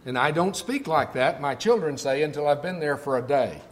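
Older man, Texan accent, preacher, higher voice, unhurried emphatic sermon delivery. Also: expressive. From Texas. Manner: conversational storytelling preaching, slowing for emphasis.

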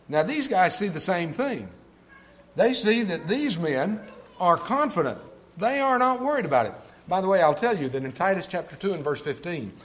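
Older man, Texan accent, preacher, higher voice, unhurried emphatic sermon delivery. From Texas. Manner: conversational storytelling preaching, slowing for emphasis.

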